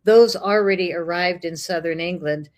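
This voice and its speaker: A woman's voice: fairly low pitch, moderate pace. A middle-aged woman from the United States telling a personal story in casual conversation, acting out the voices of people she met. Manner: lively, animated, acts out dialogue. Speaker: guest.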